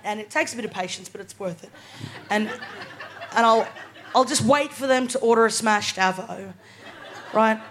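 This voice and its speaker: Cheeky Australian woman doing stand-up. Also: on the high side. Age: 20s. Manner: casual, cheeky, keeps asking "right?". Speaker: stand-up comedian. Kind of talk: live stand-up set. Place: live comedy venue.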